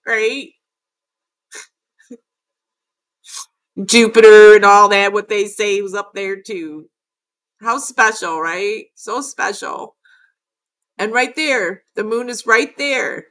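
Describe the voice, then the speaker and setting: Middle-aged woman vlogger with a bright, sharp voice and mid-range pitch. Rambling, emphatic delivery with frequent cursing. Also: takes it slowly, long pauses. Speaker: video creator. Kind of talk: casual vlog narration over footage.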